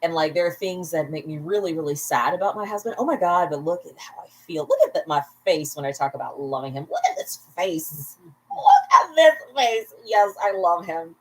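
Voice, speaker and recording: A tipsy woman livestreams casually from home at bedtime, rambling, laughing a lot, and tossing chatty asides to her audience. Her deep voice moves quickly with hardly any pauses, and the recording is rough.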